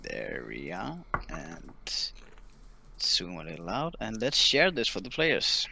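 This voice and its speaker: Game-master narrator, man, slow delivery, bright tone, halting with fillers. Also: low-pitched, wildly swooping pitch, vocal fry, slight background noise. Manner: hesitant, many ums and restarts. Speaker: dungeon master.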